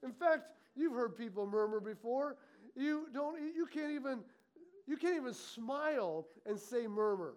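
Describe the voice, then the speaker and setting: Brief: male pastor, very high voice, lively sermon delivery, mimics grumbling. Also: normal speed. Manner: animated preaching, acts out muttering complaints.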